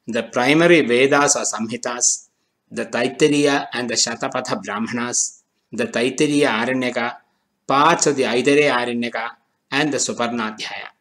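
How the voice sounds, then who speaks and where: Guy reading out a language lesson, calm and deliberate, slows down on the key words. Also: mid-range voice, low-quality recording. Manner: measured, deliberate delivery, slowing on key terms. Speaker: language teacher. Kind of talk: scripted narration of a lesson.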